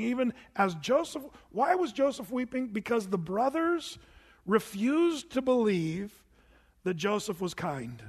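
A man with a notably high voice preaches a sermon, keeping it conversational. He quizzes his listeners and slips in dry humor, and a long reverb trails behind every phrase. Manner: conversational preaching with questions to the congregation and wry asides. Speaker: pastor.

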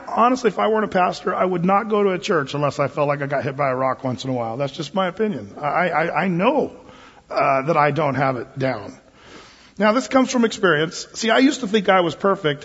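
A man preaches in a folksy, plain-spoken way, restarting his sentences and repeating words. His voice is high and somewhat husky. It echoes with a long reverb and sounds dull and lo-fi. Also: fairly bright tone. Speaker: pastor. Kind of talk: conversational sermon.

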